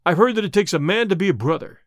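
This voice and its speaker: A man reading an audiobook, voicing a bold, calm young outlaw who gives quick, cool replies. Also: high voice, no room sound, clean studio sound.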